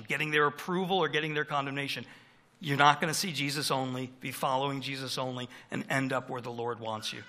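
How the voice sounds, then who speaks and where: Middle-aged man, pastor, sermon delivery, bright tense timbre, mid pitch, conversational storytelling. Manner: conversational storytelling with dynamic emphasis.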